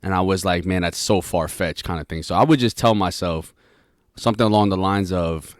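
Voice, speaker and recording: A man's voice: sits low, moderate pace, clear, resonant tone, dry recording, clean studio sound. A young man co-hosting a podcast in casual chat, rambling with restarts and slang. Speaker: podcast co-host.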